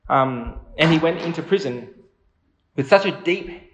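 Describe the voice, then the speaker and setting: A man's voice: a little high, animated, moderate pace, roomy sound, noisy background. A man preaching a sermon in an earnest, conversational way, asking his listeners questions.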